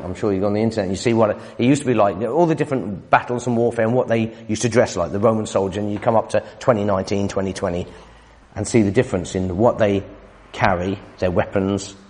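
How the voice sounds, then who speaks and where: A man preaching a sermon in a hall, animated and teasing, with emphatic swings in his voice. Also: on the low side, slightly rough. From United Kingdom. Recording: reverberant hall sound.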